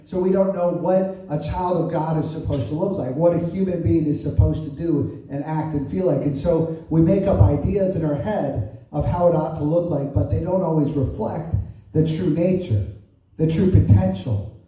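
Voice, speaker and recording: In an echoey, distant-sounding room, a male pastor gives a conversational sermon full of rhetorical questions and frequent "right?"s. His voice is mellow and a little high.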